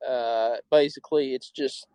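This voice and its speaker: A man's voice: mid-range voice, fairly even intonation, a little slow, warm tone, smooth, no echo, rough recording. An Australian man hosting a podcast alone, rambling in frustration and repeating himself. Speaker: podcast host. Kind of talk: solo opinion talk.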